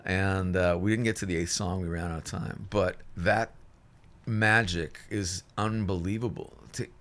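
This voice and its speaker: A man's voice: deep voice, steady tone, measured pace, fairly bright tone. A man, a musician guest, telling a long story in casual chat, rambling with restarts and fillers and acting out other people's lines. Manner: acts out other people's lines in shifted voices.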